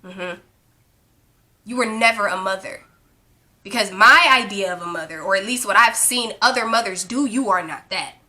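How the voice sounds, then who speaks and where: A woman's voice: medium pitch, normal speed. A woman in her twenties ranting in a casual vlog, blunt and profane, acting out arguments as she tells them. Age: 20s. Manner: blunt, profane, animated storytelling. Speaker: vlogger.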